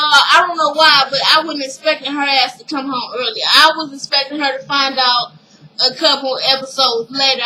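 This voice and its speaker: A woman casually recapping a TV episode for her viewers, animated and emotional, with frequent asides to the audience. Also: high-pitched, slight background noise, poor audio.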